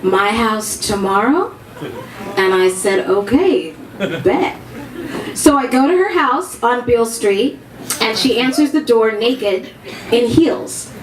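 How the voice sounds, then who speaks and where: High-voiced woman telling a profane comic story. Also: a little slow. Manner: frank, profane, deadpan asides. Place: live venue stage before an audience. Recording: roomy hall with audience noise.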